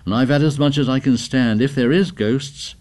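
A man's voice: medium pitch, normal speed, a little mellow, voice pushed up, close to an everyday voice. A man reading the part of an anxious, fussy schoolboy who pleads earnestly. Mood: pleading.

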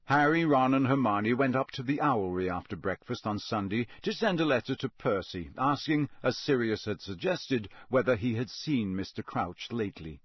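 A man reading a novel aloud as audiobook narrator, in a steady, measured storytelling manner. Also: medium pitch, husky, no room sound. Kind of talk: scripted narration.

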